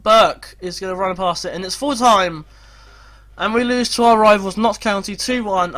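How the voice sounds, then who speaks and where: A young man doing Let's Play commentary on a football management game, swinging from glum muttering to loud shouts. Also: sits high, normal speed. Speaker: gaming YouTuber.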